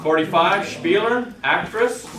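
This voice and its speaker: Slow, hesitant man leading a class. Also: sits high, animated. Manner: halting, with many filler sounds, asks the class for help. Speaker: class leader. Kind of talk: reading a vocabulary list aloud in class. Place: classroom with a group of students. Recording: roomy class recording from far off, with a crowd behind.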